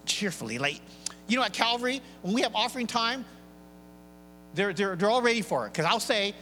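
A middle-aged man with a high, bright voice preaches to his congregation, lively and joking. He slips in and out of playful voices as he acts out churchgoers. The sound carries the long reverb of a large church hall. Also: fairly quick, soft background music. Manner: animated, acts out congregation voices with big pitch swings. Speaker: pastor. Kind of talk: sermon. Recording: live church hall reverb, faint hum.

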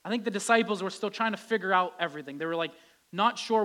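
A man's voice: sits high, animated, brisk, a bit bright. A male pastor giving a conversational sermon, his voice rising with emphasis at key points.

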